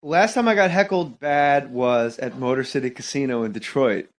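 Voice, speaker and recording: A man comedian telling an animated anecdote from the stage life. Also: medium pitch, normal speed.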